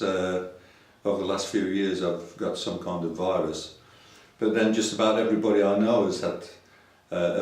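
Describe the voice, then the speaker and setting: Brief: older Yorkshire man, casual rambling sermon, lowish voice, echoey distant room sound. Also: a little mellow. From Yorkshire, England. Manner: rambling, conversational, hesitant. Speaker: website preacher.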